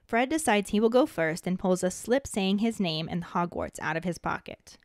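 Woman host reading a chapter recap, even and steady, dry close sound. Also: on the low side, moderate pace, no echo. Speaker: podcast host. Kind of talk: scripted narration of a book recap.

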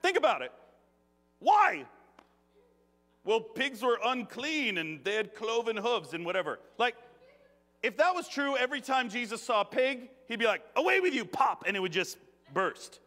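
Bright, lively joking male preacher. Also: very high voice, moderate pace, pauses often. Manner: joking, animated, laughs often. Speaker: guest preacher. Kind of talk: conversational sermon. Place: church sanctuary. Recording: long reverb of a church hall.

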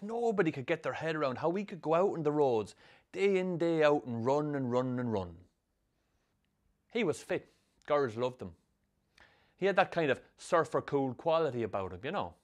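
An actor narrating a film as a troubled young Irish man with a Sligo accent, telling his rough youth in a dry, sardonic way. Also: medium pitch, close to an everyday voice. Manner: dry, sardonic storytelling with strong swearing. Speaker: narrator, the film's lead. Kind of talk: scripted film voice-over.

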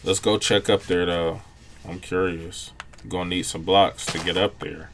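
A young man giving relaxed, reactive commentary over his own gameplay, breaking into quick exclamations. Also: sits low, gravelly, background noise. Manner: laid-back, reactive, frequent exclamations. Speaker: gaming channel host. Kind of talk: let's-play gameplay commentary.

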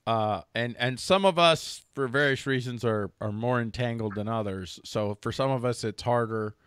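Bright punchy guy hosting a politics show, agreeable and a bit hurried, super dry close mic. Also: mid-range voice, clean tone, no room sound. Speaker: show host. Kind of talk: political commentary chat.

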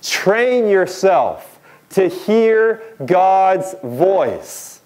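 A male pastor preaching a sermon, asking the congregation questions and dropping low and slow on key words. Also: big pitch swings, a little mellow. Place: church sanctuary.

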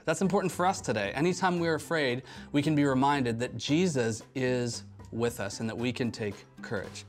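A man's voice: medium pitch, normal speed, soft background music. Chatty male youth pastor. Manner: chatty storyteller with filler words. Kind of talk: casual Bible lesson for teens.

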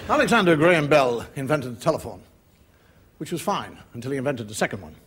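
This Irish stand-up comedian talks fast at a medium pitch, his voice swinging widely in pitch as he acts out the characters in his televised monologue. The studio audience's laughter and noise come through behind him.

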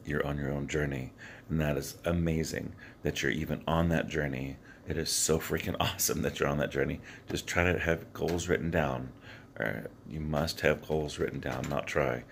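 Very deep, gravelly man speaking scratchily. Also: steady tone, slight background noise. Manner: earnest, halting, many fillers and restarts. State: morning voice before tea or water. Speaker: vlogger. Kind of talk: rambling motivational vlog to camera. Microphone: phone camera held close to the face.

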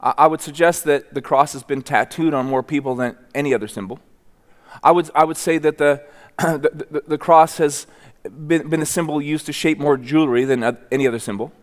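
A man's voice: on the high side, brisk, in a large hall. A man preaching a sermon in a church, reading scripture and then speaking earnestly, often repeating and restarting words. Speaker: pastor. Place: church sanctuary.

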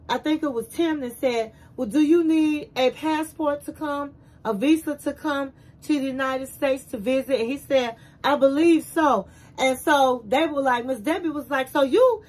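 A woman hosting a casual show recap, retelling scenes in an animated way and acting out the quotes. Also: high voice, poor audio.

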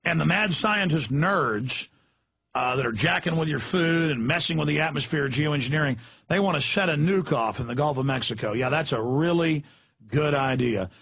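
A man's voice: on the high side, moderate pace, creaky, a bit bright, husky, no echo. A middle-aged Texan man hosting talk radio with a Texan accent, ranting in a heated, emphatic way. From Texas. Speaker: radio host.

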